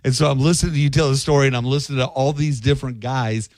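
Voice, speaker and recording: Animated male radio co-host. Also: medium pitch, very fast, no echo, studio quality. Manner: animated storyteller, does street-vendor impressions. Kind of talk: casual radio chat. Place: radio studio. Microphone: studio mic.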